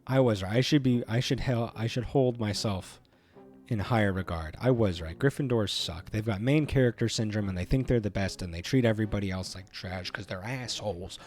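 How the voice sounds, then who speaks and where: A man's voice: fairly low pitch, fairly quick, darkish tone, soft background music. A male streamer telling a rambling story while playing a game, full of fillers and many likes.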